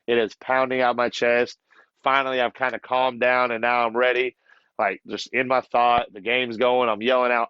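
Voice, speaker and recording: A man in a podcast interview, a basketball coach telling a story with animation, often laughing and acting out what others told him. His voice sits at an ordinary middle pitch. The recording sounds a little muffled and dry. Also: level tone, normal speed, bright, forceful tone, smooth, no echo. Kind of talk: casual storytelling.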